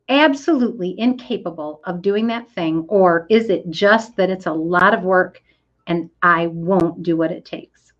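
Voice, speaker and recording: In a motivational coaching talk, a middle-aged woman with a medium-pitched voice speaks emphatically, drawing out stressed words. She acts out the complaints she quotes, and the audio sounds dull.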